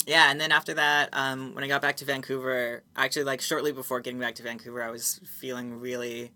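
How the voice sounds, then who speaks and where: A woman guest in casual chat, animated and laughing, with many fillers. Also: very deep voice, fast talker.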